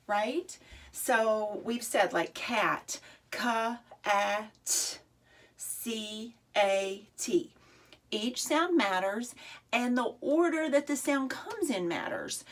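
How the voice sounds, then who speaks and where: A woman teaching a remote reading lesson from home to kindergarten children, in a coaxing, sing-song voice that stretches out sounds slowly. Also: on the high side, slightly rough.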